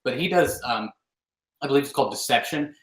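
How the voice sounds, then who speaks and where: A man of middling pitch chats about games on a podcast in a relaxed, hesitant way. His voice rings with room echo. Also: fairly quick. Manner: relaxed, hesitant, many fillers. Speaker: podcast co-host. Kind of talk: casual gaming podcast chat.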